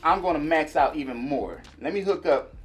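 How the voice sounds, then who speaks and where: A man casually demonstrating and reviewing a small audio mixer for his viewers, chatty and relaxed. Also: on the high side, moderate pace, over music. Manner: laid-back, chatty, addresses viewers as y'all and man. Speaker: gear reviewer. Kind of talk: casual product demo vlog.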